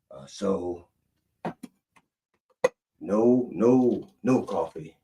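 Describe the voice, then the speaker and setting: Male comedic preacher, northern Maryland accent, low and very lively pitch, booming prayers and muttered asides, slightly distant mic. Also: moderate pace, a little hiss or hum. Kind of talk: mock sermon comedy.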